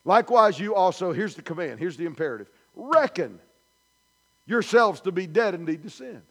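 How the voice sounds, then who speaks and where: High-voiced preacher, emphatic. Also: male voice, expressive, moderate pace, a bit bright. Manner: emphatic, repetitive preaching with rising declarations. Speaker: pastor. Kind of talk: sermon. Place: church sanctuary.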